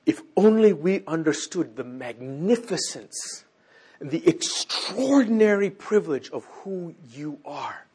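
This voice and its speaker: A man teaching a sermon to a congregation, swinging from loud exclamations down to near-whispers. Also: fairly high pitch, very animated, a little slow, husky.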